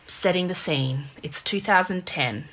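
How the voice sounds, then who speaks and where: A woman casually telling a true crime story to her co-host, chatty and animated, with lots of fillers. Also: lowish voice, unhurried.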